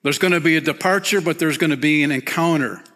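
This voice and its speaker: A pastor preaching a sermon, casual and animated, peppering his talk with "man" and "you know". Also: fast talker. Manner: animated, rises high when excited, softens and drops low near the close.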